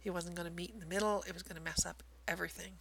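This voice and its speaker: A woman shows off her stitching in a relaxed home video, chatty and self-deprecating. Her voice has a gravelly fry, and she often slips into soft near-whispers. A faint hiss sits under the recording. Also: on the low side, racing, low-quality recording. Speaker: cross stitch vlogger. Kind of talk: casual show-and-tell narration.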